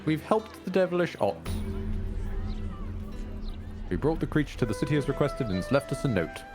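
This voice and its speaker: Co-streamer man, lively delivery, dry humor. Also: fairly high pitch, over music. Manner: dry, amused, quick to joke. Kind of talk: casual let's-play chat.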